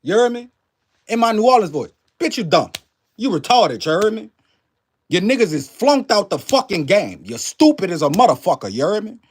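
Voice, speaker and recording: A man's voice: high voice, big pitch swings, moderate pace, slightly rough, full character voice. A man putting on a cursing New Orleans-style scold. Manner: mocking, repeating "you hear me".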